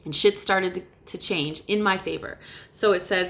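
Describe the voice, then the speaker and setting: A middle-aged woman giving a casual motivational talk to camera, animated and emphatic, swearing casually. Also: lowish voice, normal speed. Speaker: motivational vlogger. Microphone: camera mic, looking off-lens.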